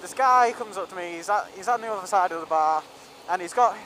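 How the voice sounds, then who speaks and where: A man's voice: high voice, a little fast, sharp tone, a little hiss or hum, rough recording. Rambling young man on a ride. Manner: rambling, with many ums and restarts. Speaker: vlogger. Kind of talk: casual storytelling vlog.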